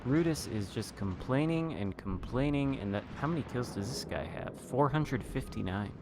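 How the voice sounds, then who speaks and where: A man's voice: medium pitch, expressive, moderate pace, noisy background. A man giving casual commentary over a video game, chatting and muttering asides to himself as he plays. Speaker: gaming video host.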